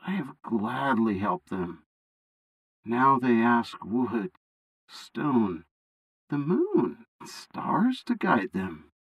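A man doing God, calm and commanding. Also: medium pitch, slightly rough, no room sound, full character voice, poor audio. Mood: grave. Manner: steady, reassuring, authoritative. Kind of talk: bible story reading.

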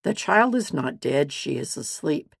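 A woman voicing a calm, gentle male healer. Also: low voice, measured pace, gravelly, breathy edge, dry recording, studio quality, heavily acted.

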